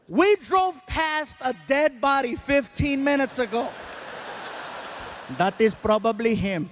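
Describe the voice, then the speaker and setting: A man telling stand-up stories on a live stage, animated and acting out voices and shouts. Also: very high-pitched, slow pace. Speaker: stand-up comedian. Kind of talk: stand-up storytelling. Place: live stage before an audience.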